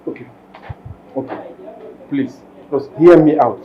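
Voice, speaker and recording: A man's voice: a little high, slow pace, highs cut off, slight background noise. An actor playing a remorseful young man with a Nigerian accent, begging for help to reconcile, in a film drama. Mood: pleading. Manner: pleading, apologetic.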